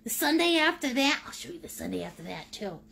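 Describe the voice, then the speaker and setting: A woman's voice: sits high, sing-song, quick pace, creaky, fairly bright tone. A woman with a Maine accent, teaching a live painting lesson in a chatty, jokey, upbeat way. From United States. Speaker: painting instructor.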